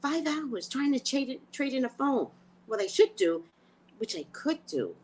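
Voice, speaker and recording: A woman talks straight into her live stream, her pitch swinging widely as she vents. Her delivery is exasperated and profane, casual and conversational, and she breaks off to greet viewers. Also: a little slow, slightly rough, low-quality recording. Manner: animated, profane, exasperated storytelling. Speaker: live stream host, tarot reader. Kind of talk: casual livestream rant.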